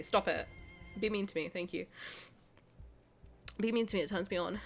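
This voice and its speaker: A woman's voice: mid-range voice, lively intonation, fast talker, pushed and bright, faint music behind. A woman streamer who is sick, chatting effusively with her viewers and reading game text aloud, with many restarts and bursts of laughter. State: sick, slightly congested.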